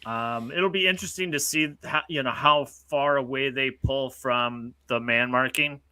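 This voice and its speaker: A man co-hosting a casual fan show, joking in a dry way and talking haltingly with fillers. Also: mid-range voice, pushed and bright, smooth, no room sound. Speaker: co-host.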